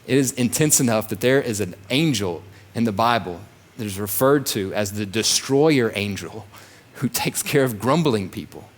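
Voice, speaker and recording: A man delivers a church sermon in a fairly low voice. He presses his points by repeating phrases and slips into mock complaining voices to make them. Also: animated, normal speed. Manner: emphatic, repeats phrases, acts out grumbling voices. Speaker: pastor.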